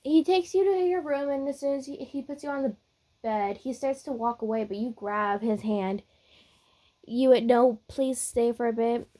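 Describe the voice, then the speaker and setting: A woman's voice: sits high, mellow. A woman narrating a reader-insert story in a casual, chatty way. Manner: unhurried, chatty, with fillers.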